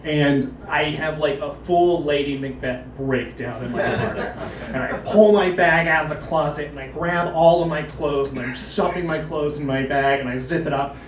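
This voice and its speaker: Young man, live storyteller, higher-pitched, recorded from a distance in an echoey room. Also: normal speed. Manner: animated, laughing, many restarts and repeated words. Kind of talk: personal storytelling to a live audience. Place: live event venue. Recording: echoey, distant from mic, faint noise.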